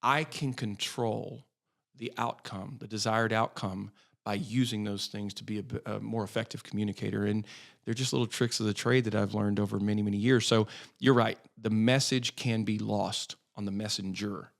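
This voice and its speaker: A man's voice: lowish voice, steady tone, moderate pace, creaky. A man in his thirties, a business development head talking energetically as a podcast guest. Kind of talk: podcast interview.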